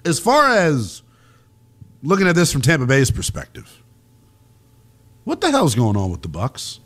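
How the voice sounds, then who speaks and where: A man's voice: a little high, huge pitch swings, unhurried, a bit bright. A man hosting a call-in sports radio show, talking bluntly in loose slang.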